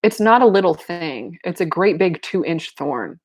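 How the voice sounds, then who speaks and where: A woman's voice: on the low side, animated, measured pace. A woman reading aloud, voicing a glum young woman who answers coldly. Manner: cold, glum. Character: sullen injured young woman.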